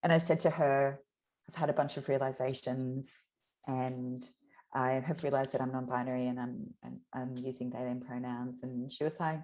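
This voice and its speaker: Woman, 30s, low voice, candid interview, many restarts. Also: fairly even intonation, darkish tone. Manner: reflective, halting, with many restarts.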